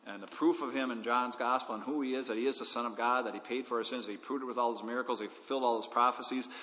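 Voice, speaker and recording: A man's voice: medium pitch, steady tone, very fast, pushed and bright. A man preaching a sermon as a pastor, earnest and pleading with emphatic delivery. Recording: hall reverb.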